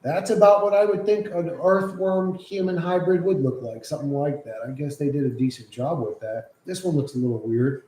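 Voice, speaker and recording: A man streaming live, chatting loosely with lots of swearing and cooing softly to his pet. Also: on the high side, moderate pace, hardly any pauses, echoey room, low-quality recording. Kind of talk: casual live-stream chat.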